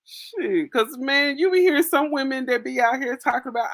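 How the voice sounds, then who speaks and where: A woman's voice: high voice, normal speed, few pauses, dry recording, clean studio sound. A young woman hosts a casual livestream, chatting to viewers, reading their comments aloud and laughing often with slangy asides. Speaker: livestream host. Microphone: phone.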